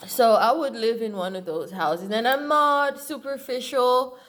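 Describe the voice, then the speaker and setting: A woman's voice: a little high, measured pace, fairly bright tone. A woman talking candidly to camera in a blunt, profane and emotional personal monologue. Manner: earnest, emotional storytelling.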